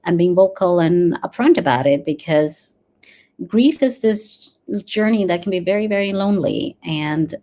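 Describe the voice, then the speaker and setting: A woman in her forties, a dentist and grief coach, talking earnestly in an interview with many pauses and fillers. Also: fairly low pitch, lively intonation, mellow. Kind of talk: conversational interview.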